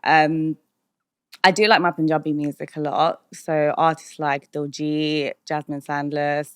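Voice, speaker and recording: A woman's voice: deep voice, level tone, measured pace, clean tone, no echo, studio quality. A British woman DJ talking candidly as a podcast guest, chatty and full of "like" and "um", laughing often. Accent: British English.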